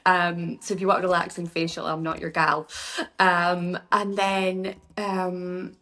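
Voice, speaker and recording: A Scottish woman speaks as a podcast guest with a somewhat low-pitched voice. Her talk is chatty and rambling but upbeat, running from one thought to the next. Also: little pitch movement, a little slow, fairly bright tone. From Scotland. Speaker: guest, beauty business founder. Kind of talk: casual podcast interview.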